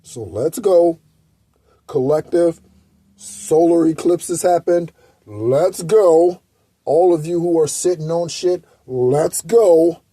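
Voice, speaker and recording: A man delivers a blunt spiritual pep talk, preachy and peppered with curses. His voice sits a little high but sounds very dark and husky. The recording is dry, with no room sound. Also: slow, dry recording. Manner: blunt, preachy, heavy swearing. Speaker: spiritual guidance channel host. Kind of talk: profane motivational monologue.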